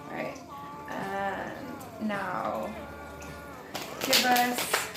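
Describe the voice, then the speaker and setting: A chatty young woman with a fairly high voice talks her way through a tarot reading, rambling and light. The room is echoey, and music plays clearly behind her. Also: unhurried. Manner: chatty and rambling, laughs at herself. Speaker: tarot reader. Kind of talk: casual spoken tarot reading.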